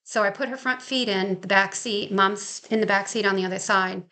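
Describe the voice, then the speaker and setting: A woman's voice: mid-range voice, normal speed, bright, forceful tone. A woman dog trainer telling a story in a casual, chatty way, laughing now and then. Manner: chatty, laughs often, acts out quotes. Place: Maine.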